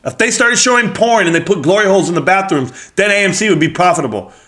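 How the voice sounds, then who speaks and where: A middle-aged man hosting a live stream chats casually into a streaming microphone, answering his chat with brash, joking, profane banter. His voice is high-pitched, fast, and fairly bright.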